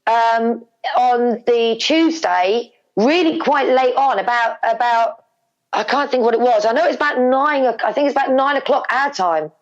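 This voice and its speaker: A middle-aged woman with a British accent, a guest telling an emotional family story with animated repetition for emphasis. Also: on the high side, moderate pace. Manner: animated, repeats words for emphasis. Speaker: guest, wrestler's mother. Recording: slightly dull lo-fi recording.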